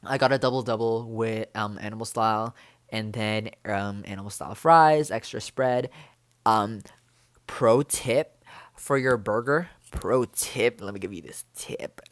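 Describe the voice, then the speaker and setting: A young man chatting in a bubbly, rambling way for his vlog, full of fillers and excited exclamations. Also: lowish voice, a little slow, no echo, clean studio sound. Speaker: vlogger.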